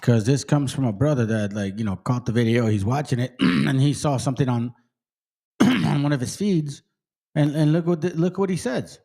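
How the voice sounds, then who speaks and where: A man's voice: medium pitch, normal speed, creaky, mellow. A man hosting his channel, giving angry, profane commentary on videos he plays. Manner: profane, heated, ranting. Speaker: channel host.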